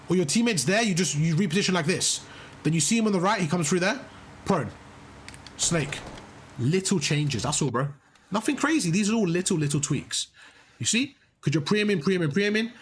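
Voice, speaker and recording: Speaking fast with lively intonation, this man has a high-pitched, slightly rough voice. He's a gaming coach giving live guidance over gameplay, encouraging the player, explaining step by step, and repeating himself a lot.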